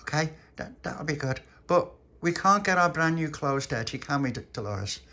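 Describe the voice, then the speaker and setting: A man voicing a chatty, excitable little girl with a sing-song delivery. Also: fairly high pitch, moderate pace, voice pushed up.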